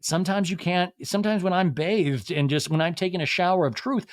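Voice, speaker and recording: A man's voice: high-pitched, a little fast, hardly any pauses. A male podcast host recapping a reality show in a comic, profane way, often acting out what the cast said. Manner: animated, profane, jumps into exaggerated impressions.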